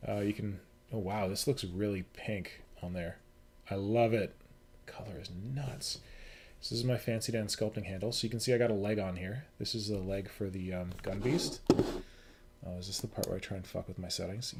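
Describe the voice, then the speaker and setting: A man's voice: on the low side, a little mellow. A Canadian man hosting a casual livestream, chatting with viewers and muttering to himself while he fiddles with his settings. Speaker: livestream host. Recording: noisy home livestream recording.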